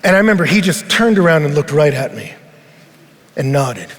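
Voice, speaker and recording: A man preaching at a conference, telling a story in an animated way and sometimes rising to a shout. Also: a little high, a little fast, slight background noise. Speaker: pastor. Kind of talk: conference sermon. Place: large arena. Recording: long arena reverb.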